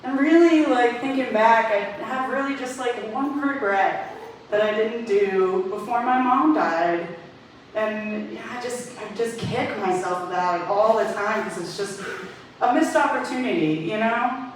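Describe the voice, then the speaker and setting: Female stand-up, brighter pitch, dark deadpan storytelling with laughs; distant mic, heavy echo. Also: a little slow. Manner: dark deadpan jokes, often breaking into laughter. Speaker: stand-up comedian. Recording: very echoey, distant mic, faint noise.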